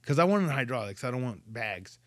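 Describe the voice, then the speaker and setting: A man's voice: mid-range voice, big pitch swings, a little fast, no echo. A man hosting a podcast, casually telling profane stories and acting out the dialogue. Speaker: podcast host. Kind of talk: casual chat.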